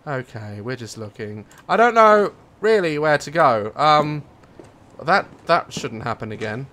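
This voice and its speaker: A man's voice: a little high, animated, a little slow, pushed and bright. A young man commentating a horror game, joking nervously and breaking into sudden screams. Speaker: gaming YouTuber.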